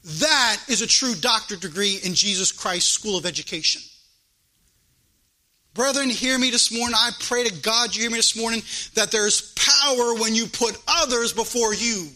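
Male pastor, high, tense and cutting, preaching with a fervent chanted lilt. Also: moderate pace, bright, forceful tone, poor audio. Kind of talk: sermon. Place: church.

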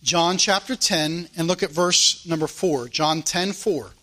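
A man's voice: a little high, unhurried, bright, forceful tone. A man preaching a sermon, folksy and emphatic, reading scripture aloud and acting out the people in the story. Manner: folksy, acts out Bible characters, emphatic.

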